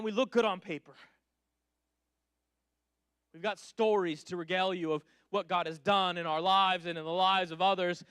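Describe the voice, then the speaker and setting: A male pastor preaching a sermon, moving between loud, urgent calls and quiet, low-voiced pleading, with casual asides to the congregation. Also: clean tone, dry recording, studio quality.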